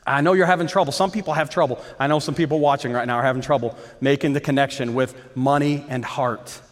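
A man's voice: mid-range voice, fairly even intonation, quick pace, in a large hall. A male pastor preaching a sermon with fervour, repeating phrases and asking the congregation questions.

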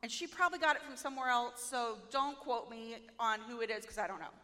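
A woman preaching a sermon in a playful, self-mocking, animated way. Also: on the high side, a little fast, big-room sound.

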